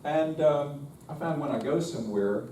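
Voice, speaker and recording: A man with a North Carolina accent leads a choral workshop lecture, chatty and folksy, demonstrating points by singing. His voice is fairly high and mellow at a normal speed, picked up by a distant mic in a roomy space with faint noise.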